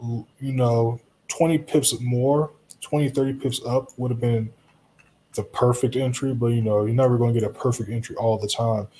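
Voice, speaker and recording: A man with a dark, mellow voice at an ordinary mid pitch hosts a live stream. He chats loosely and reassuringly with his viewers, answering their comments as they come in. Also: normal speed, a little hiss or hum. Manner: relaxed, reassuring, talks straight to viewers with frequent "you know" and "right?".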